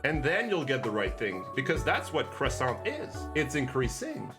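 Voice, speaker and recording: A man's voice: medium pitch, huge pitch swings, normal speed, music in the background. A man commentating his own gameplay live as a streamer, playful and teasing with his chat. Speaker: game streamer.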